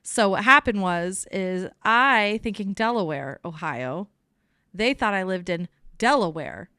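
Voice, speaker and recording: A woman's voice: medium pitch, unhurried, smooth, no echo, studio quality. A young adult woman, a professional baker, chatting as a guest and telling stories with lots of energy, often acting out what other people said. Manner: lively storyteller who acts out quoted voices. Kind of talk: casual interview chat.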